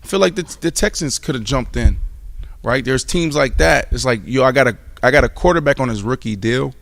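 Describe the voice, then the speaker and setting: A man hosting a casual sports talk show, who talks in slang and rants loudly in mock outrage. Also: medium pitch, a little fast, creaky, no echo. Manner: animated, loud rant with mock outrage.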